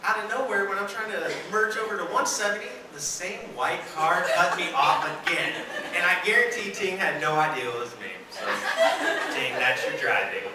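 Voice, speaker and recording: A man tells animated stand-up stories at a work dinner, acting out his own exasperated reactions. His voice sits high. It comes from far off in a very echoey hall with clear background noise. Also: normal speed. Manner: animated, acts out exasperated shouted quotes. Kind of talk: stand-up storytelling.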